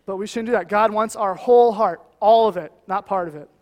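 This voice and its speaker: A guest preacher with a fairly high, darkish voice delivers an earnest, conversational sermon in a church, speaking a little fast and often saying "you know." A long reverb from the hall surrounds his voice.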